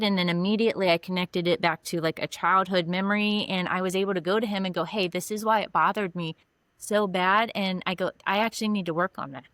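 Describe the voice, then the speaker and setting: A mental health counselor is interviewed on a podcast, explaining things earnestly with examples from her own life. Her mid-range voice is a bit bright, and the recording is dry.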